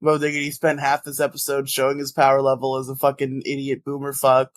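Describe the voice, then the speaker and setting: A man's voice: medium pitch, monotone, fast, no echo. Teasing, laughing man on a podcast. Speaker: podcast co-host. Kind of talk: casual podcast chat.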